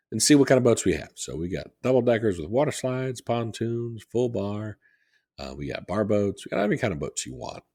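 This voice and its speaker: A male podcast co-host in Southwest Florida talks in a low-pitched voice with a breathy edge. In casual, rambling chat he plugs a local business, repeating its phone number for promotion.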